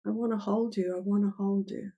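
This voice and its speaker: An older woman therapist explaining her methods in an interview, animated, acting out lines of dialogue between client and therapist. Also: mid-range voice, fairly quick, slightly rough, highs cut off.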